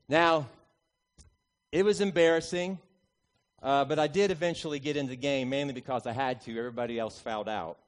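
A man in his forties, a pastor, preaching a sermon that opens with a humorous personal story, told with lively, punchy emphasis. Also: mid-range voice. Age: 40s.

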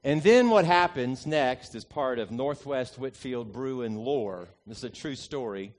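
A man in his forties, a pastor, preaching a sermon that opens with a humorous personal story, told with lively, punchy emphasis. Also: mid-range voice, unhurried. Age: 40s.

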